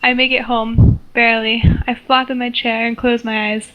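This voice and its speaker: A young woman reading her homemade story aloud in a flat, stumbling way. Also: fairly high pitch, moderate pace, hardly any pauses, muffled recording. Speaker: story reader.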